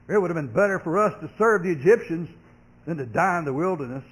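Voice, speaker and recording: A man, a pastor, preaching a sermon, earnest, growing loud and sharp when he acts out complaining voices and dropping soft for comfort. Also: a little high, lively intonation, fast, breathy edge, poor audio.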